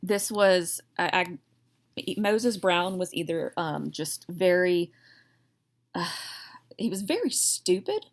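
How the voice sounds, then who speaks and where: A woman's voice: on the low side, expressive, slow pace, long pauses. A woman history teacher giving a recorded lecture in a chatty, digressive way, with self-deprecating jokes.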